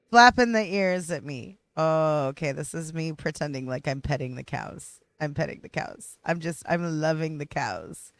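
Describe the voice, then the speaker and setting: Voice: mid-range voice, no echo. A streamer giving casual gameplay commentary, gushing and playful.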